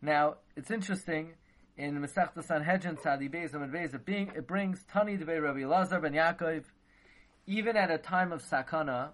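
A man with a brisk, somewhat bright voice on the high side delivers a Torah lecture as a rabbi. He acts out the dialogue, his speech full of Hebrew and Yiddish terminology.

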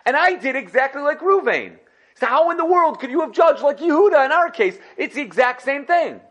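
A man's voice: extremely high pitch, big pitch swings, a little fast, a bit bright, pitched above the performer's own voice, heavily acted. A man voicing an indignant man who lost his lawsuit, outraged and disbelieving.

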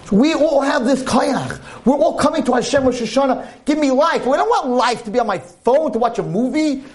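Animated high-voiced male preacher. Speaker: speaker at a holiday talk. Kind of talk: storytelling sermon.

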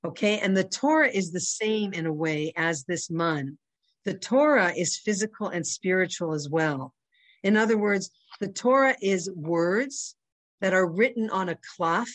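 A woman's voice: fairly low pitch, a little slow, dry recording. A woman with a Canadian accent teaching an informal religious lesson in a conversational way, often checking in with her listeners. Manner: conversational, checks in with "right?" and "you know". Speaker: Torah class teacher.

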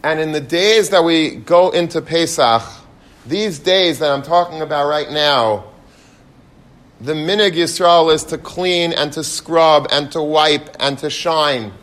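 A man's voice: a little high, unhurried. A man giving an informal sermon, telling stories with energy and building into passionate exhortation. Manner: animated storyteller, rising to passionate exhortation. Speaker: rabbi giving a Torah talk.

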